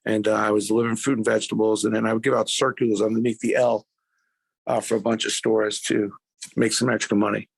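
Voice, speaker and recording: An older man from Brooklyn with a New York accent, telling stories in a lively way as a podcast guest. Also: fairly low pitch, quick pace, gravelly, slightly rough, no echo. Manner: animated storyteller who acts out quotes. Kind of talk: storytelling in a podcast interview.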